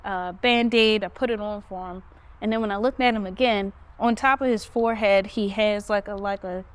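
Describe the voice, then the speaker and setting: A woman hosting a podcast, casually recounting a story and jumping her pitch up high when she quotes herself. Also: smooth. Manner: animated retelling, pitch jumps up when quoting herself. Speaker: podcast host. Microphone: phone.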